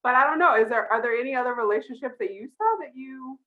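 A woman's voice: high voice, fast, phone-quality sound. A woman talking casually about a TV show, chatty and laughing through her lines. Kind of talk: casual TV recap chat.

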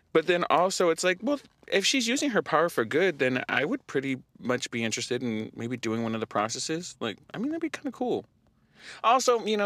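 A young man hosting a podcast, telling a story in casual chat, animated, often laughing and using lots of fillers. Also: mid-range voice, no echo. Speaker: podcast host.

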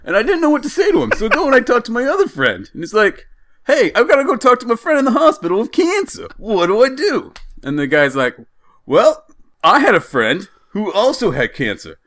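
Man doing a Jersey rideshare driver, exaggerated New Jersey accent, pitched way up, loud, rambling, folksy. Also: wildly swooping pitch, brisk, full character voice.

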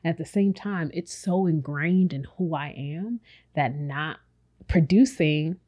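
Candid, slightly low-voiced woman podcaster. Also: unhurried, mellow. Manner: candid and reflective, rambling with many fillers; speaks directly to listeners as "y'all". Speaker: podcast co-host. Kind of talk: casual chat.

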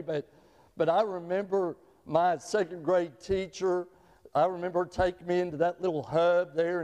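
A man's voice: a little high, warm tone. A middle-aged man preaching a sermon as pastor, telling folksy stories and often repeating his words. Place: church sanctuary. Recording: long reverb of a large hall.

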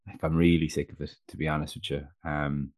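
A man's voice: very deep voice, flat delivery, brisk, darkish tone, no echo, studio quality. A man with an Irish accent, co-hosting a casual rugby podcast and telling stories with frequent laughs and casual swearing. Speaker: podcast co-host. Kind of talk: casual chat.

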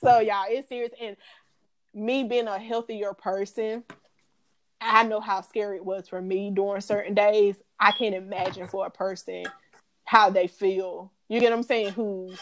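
Laughing woman podcast co-host. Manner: laughs often, loud high-pitched laughter; casual Southern-style slang, addresses listeners as y'all. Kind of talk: casual chat.

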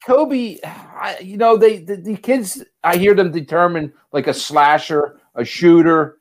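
A man's voice: fairly high pitch, steady tone, a little slow. A man co-hosting a casual sports podcast, hesitant and full of fillers. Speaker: podcast co-host.

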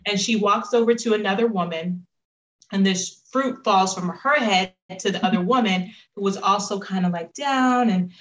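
A woman's voice: medium pitch, normal speed, reverberant, low-quality recording. Earnest woman telling her story. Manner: earnest, reflective, animated when quoting. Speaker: guest. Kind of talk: personal storytelling interview.

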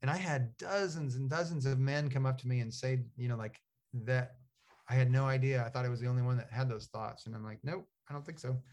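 A man's voice: medium pitch, steady tone, fairly quick, darkish tone. A man, an author and guest in a casual interview, talks in a rambling, storytelling way with many fillers and restarts.

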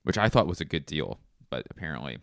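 A man's voice: very deep voice, sing-song, fast talker, vocal fry, fairly bright tone, dry recording, clean studio sound. A young man hosting a solo comedy podcast, rambling through crude, self-mocking riffs. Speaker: podcast host.

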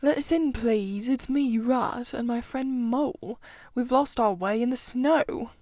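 A woman's voice: a little high, a little slow, darkish tone, dry recording, clean studio sound. A woman voicing a small male water rat in a storybook reading, pleading urgently.

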